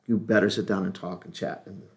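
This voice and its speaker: A man's voice: low voice, fairly even intonation, brisk, gravelly, a little mellow, a little hiss or hum. A middle-aged man, a pastor, teaching a leadership class in a casual, rambling, joking way with many restarts.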